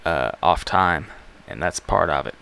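A man's voice: sits low, expressive, unhurried, creaky, sharp tone, clean tone. A man from Alabama, hosting a music show in a rambling, laid-back, self-deprecating way. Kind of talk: casual radio show chat.

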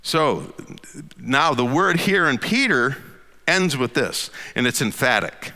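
A man's voice: medium pitch, slow, vocal fry. Man preaching in a reverberant hall. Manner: expressive preaching, swinging from loud emphasis to hushed near-whispers. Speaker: pastor. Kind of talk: sermon.

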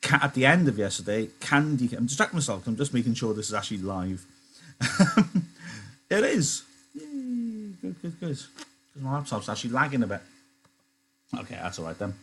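A man's voice: fairly low pitch, fast talker, a bit bright, slightly rough. A man teaching a live online lesson, chatty and digressive, often interrupting himself. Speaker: English teacher. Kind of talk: live online lesson, reading a novel aloud.

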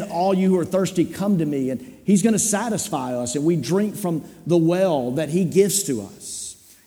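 A man preaching a sermon in a church, his voice mellow and a little higher than most men's. He tells stories in a rambling, self-deprecating, humorous way. The sound carries a long reverb of a large hall. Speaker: pastor. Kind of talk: sermon with storytelling.

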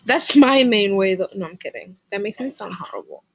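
A woman's voice: medium pitch, very animated, brisk, a crowd in the background. A young woman co-hosting a casual couple podcast, frank and playful, with frequent giggles. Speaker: podcast co-host.

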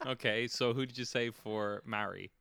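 A man narrating as game master of a tabletop game in a relaxed, playful, descriptive way. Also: mid-range voice, normal speed, creaky, crowd noise.

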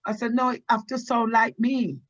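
A woman with an Antiguan accent, interviewed about her work, telling lively stories and quoting others. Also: fairly high pitch, normal speed. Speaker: probation worker, interviewee. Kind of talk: casual conversation. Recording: dull lo-fi remote audio.

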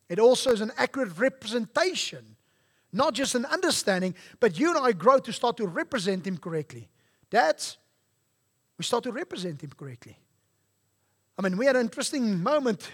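High-voiced South African male preacher. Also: very animated, normal speed, husky. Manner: emphatic preaching, rising and falling sharply in loudness. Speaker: pastor. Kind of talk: sermon.

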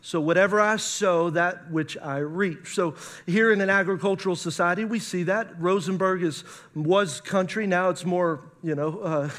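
High-voiced man preaching a sermon. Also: normal speed, a bit bright. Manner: preaching with emphatic rises, reads scripture aloud. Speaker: pastor.

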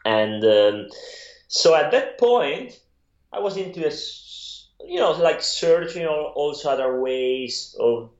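A middle-aged photographer from Italy, speaking with an Italian accent, tells his story as a guest in a rambling interview chat full of laughter and many restarts. His voice is slightly high with big pitch swings and a slow pace, and the reverberant recording has its highs cut off.

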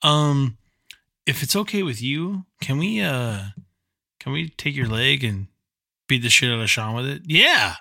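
A man's voice: mid-range voice, a little slow, vocal fry, pushed and bright. A man co-hosting a casual wrestling chat, rambling and swearing between laughs. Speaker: podcast co-host.

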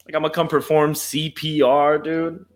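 A man co-hosting a podcast, chatting casually, animated and joking with slang. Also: on the high side, moderate pace. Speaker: podcast co-host. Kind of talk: casual chat.

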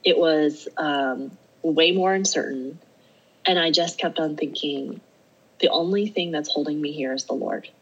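A woman's voice: deep voice, a little slow, breathy edge, lo-fi sound. A middle-aged woman, a podcast guest, telling a story in casual conversation. She acts out her own self-talk and laughs often as she speaks. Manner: laughs often while talking.

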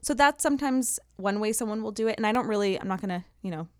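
A woman's voice: mid-range voice, expressive, quick pace, no room sound, studio quality. A Canadian woman, a guest on an interview show, talking in a friendly, conversational way. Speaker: guest, food entrepreneur. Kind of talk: casual interview chat.

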